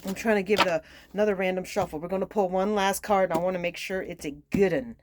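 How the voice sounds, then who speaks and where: A woman's voice: medium pitch, steady tone, fast, noisy background. Chatty woman reading tarot. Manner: chatty, self-mocking asides. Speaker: tarot reader. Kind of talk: casual tarot reading, reading card meanings aloud.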